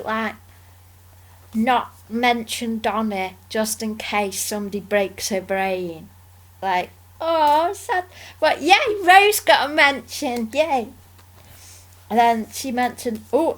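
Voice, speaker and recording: A young woman reviewing a TV episode in an excited, gushing way. She is usually soft-spoken, but here she squeals and rambles. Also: on the high side. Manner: bubbly, squeals and gushes when excited. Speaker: YouTube reviewer.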